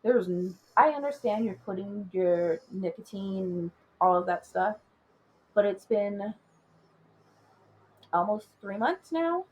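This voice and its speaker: A woman's voice: mid-range voice, lively intonation, unhurried, long pauses, darkish tone, slightly rough, low-quality recording. A young woman co-hosting a casual chat podcast, rambling through a personal story with lots of filler words. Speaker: podcast co-host.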